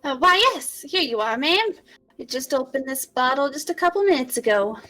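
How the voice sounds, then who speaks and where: A woman voicing a chirpy bartender pouring champagne at a concert, eager and quick. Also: sits high, expressive, sharp tone, voice pushed up.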